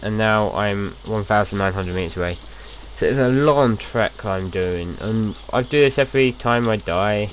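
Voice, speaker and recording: A man's voice: fairly low pitch, a little slow, hardly any pauses, a little hiss or hum. A young man casually talking through his gameplay as a video host, rambling and chatty, often restarting his sentences.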